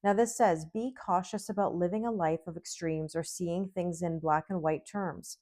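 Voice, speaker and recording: A woman's voice: lowish voice, steady tone, moderate pace, warm tone. A middle-aged woman giving a casual tarot reading, chatty and reassuring, often checking in with the listener. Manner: chatty, reassuring, often asks "okay?" and "right?". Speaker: tarot reader.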